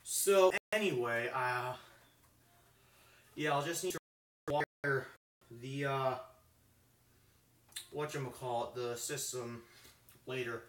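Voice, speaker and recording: A man's voice: mid-range voice, slow pace, long pauses, a bit bright. A man chatting casually on a live stream while working with his hands, rambling with lots of fillers. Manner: rambling, filler-heavy, thinking aloud. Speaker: live streamer, fire alarm hobbyist. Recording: roomy echo.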